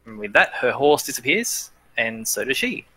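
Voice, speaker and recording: A man's voice: medium pitch, sing-song, moderate pace, pushed and bright, husky, no echo. A man narrating as game master of a tabletop role-playing game, hesitant and full of fillers and restarts.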